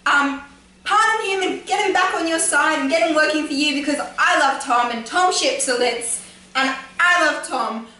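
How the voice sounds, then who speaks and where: A woman giving a rambling, gushing fan review of a TV episode, excited and often laughing. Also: high-pitched, moderate pace. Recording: echoey room from far off, faint noise.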